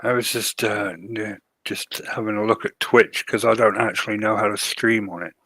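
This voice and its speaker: Man podcast co-host, easygoing rambling chat, low forceful voice. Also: fairly even intonation, moderate pace, husky, no echo. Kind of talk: casual chat.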